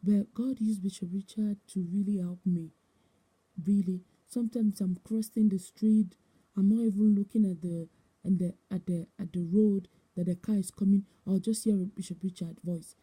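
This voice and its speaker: A woman's voice: mid-range voice, fairly even intonation, normal speed, warm tone, breathy edge. A woman giving a personal testimony, telling her story with emotion and repetition and acting out the voices of others. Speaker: testimony speaker.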